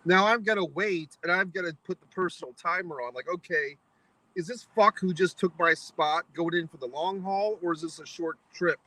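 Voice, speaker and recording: A man's voice: sits high, moderate pace, bright, forceful tone, poor audio. A man vlogging a foul-mouthed, exasperated anecdote, mock-philosophical as he spells out its lessons. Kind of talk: profane ranting anecdote to camera.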